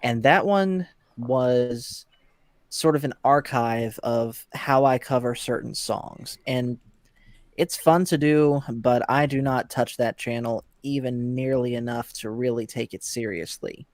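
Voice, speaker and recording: A channel creator earnestly explains his start on a live stream, keeping a steady, casual pace. His pitch is ordinary for a man. The recording is dry and close. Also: measured pace, no room sound. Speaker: YouTube channel creator, guest.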